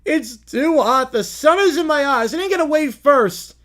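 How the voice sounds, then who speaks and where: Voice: sits high, animated, moderate pace, fairly bright tone, voice pushed up. A streamer doing a whining little boy. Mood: whiny miserable. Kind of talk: read-aloud story voice on a stream.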